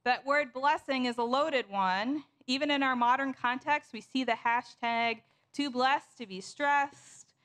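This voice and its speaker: A woman pastor preaching a sermon in a measured, storytelling way. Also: sits high, a bit bright.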